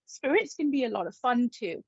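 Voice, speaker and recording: A woman's voice: fairly high pitch, big pitch swings, normal speed, gravelly, husky, no room sound, dull audio. A woman hosting as a psychic medium, greeting viewers by name in a chatty, playful way. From England. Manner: chatty and playful, laughs often. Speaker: psychic medium and spirit artist. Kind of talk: live-stream chat greeting viewers.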